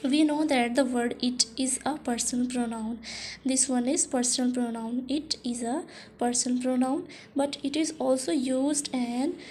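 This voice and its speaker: A woman teacher giving a grammar lesson, explaining slowly, repeating herself and reading example sentences. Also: high-pitched, darkish tone, slight background noise.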